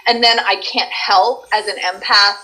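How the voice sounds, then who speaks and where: A woman who works as a voice actress, chatting as a guest and telling stories in an effusive, animated way. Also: mid-range voice, unhurried, poor audio. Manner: animated storyteller, effusive, many restarts. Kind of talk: casual interview chat.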